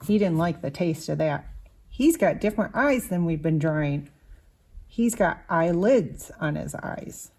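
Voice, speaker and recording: Slow, patient woman teaching children to draw. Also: fairly low pitch, darkish tone. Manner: patient, explains each step while drawing. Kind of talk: slow drawing lesson for children.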